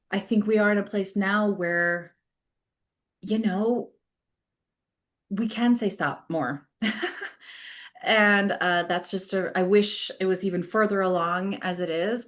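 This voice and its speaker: A woman therapist talking in a casual podcast conversation, thoughtful, laughing easily and using plenty of fillers. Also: fairly low pitch. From California. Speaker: therapist guest.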